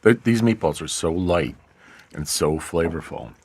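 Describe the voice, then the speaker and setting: Low-voiced man chef, enthusiastic, casual panel talk. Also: unhurried, darkish tone. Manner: enthusiastic food praise. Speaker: executive chef guest. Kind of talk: casual radio panel chat. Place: radio studio.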